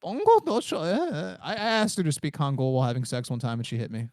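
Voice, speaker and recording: A man's voice: medium pitch, big pitch swings, fast talker, no echo. Crude rambling man on a dry mic. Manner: rambling, swears a lot, laughs often. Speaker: podcast co-host. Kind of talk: crude casual banter.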